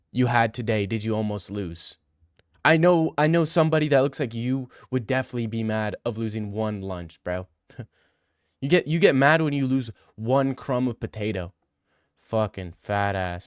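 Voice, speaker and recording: A man's voice: medium pitch, clear, resonant tone, dry recording, studio quality. A young man livestreaming, answering chat in casual, crude, teasing banter. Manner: joking, teasing, profane.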